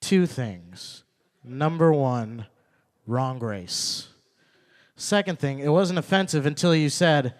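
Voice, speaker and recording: A young man performing a stand-up set at an open mic, repeating his punchlines and working up to loud, indignant rants. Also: on the high side, slow. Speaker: stand-up comedian. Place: open mic comedy night venue.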